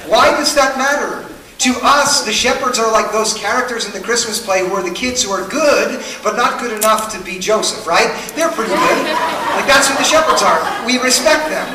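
A man's voice: very high voice, normal speed, a crowd in the background, background noise. A man preaching a sermon to a congregation, earnest and questioning, building his points through repetition. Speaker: pastor. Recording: echoey hall, mic at a distance.

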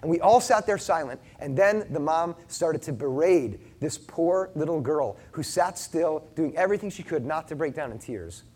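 A man's voice: fairly high pitch, expressive, normal speed, few pauses, slightly rough. Earnest male pastor preaching. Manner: earnest storytelling, shifting between loud and hushed. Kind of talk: sermon.

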